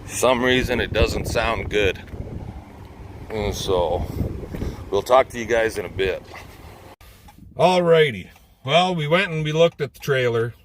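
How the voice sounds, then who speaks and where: A man's voice: medium pitch, expressive, unhurried, long pauses. Folksy man talking over road noise. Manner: blunt, salty, folksy with frequent swearing. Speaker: farmer vlogger. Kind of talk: casual on-the-road vlog. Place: inside a moving vehicle. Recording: loud road noise in a vehicle.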